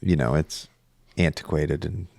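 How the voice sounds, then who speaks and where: Podcast co-host, young man, very low voice, dry close sound, casual rambling delivery. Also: a little slow, vocal fry, darkish tone, dry recording. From Northern California. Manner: rambling storyteller, laughs often. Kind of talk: casual chat.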